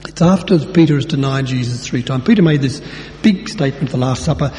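A man's voice: mid-range voice, quick pace, hardly any pauses, mellow. A man preaching a sermon in a conversational way, slipping into everyday speech as he acts out dialogue. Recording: long hall reverb, faint hum.

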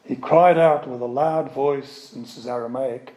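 A man preaches a sermon slowly, explaining words step by step with word studies and pausing now and then for asides. His mid-range voice has a darkish tone, and the recording is rough and reverberant.

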